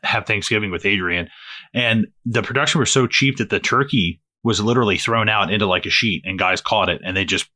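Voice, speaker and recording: A man co-hosting a casual movie podcast, animated and swearing freely as he acts out lines from the film. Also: lowish voice, fairly quick. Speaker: podcast co-host.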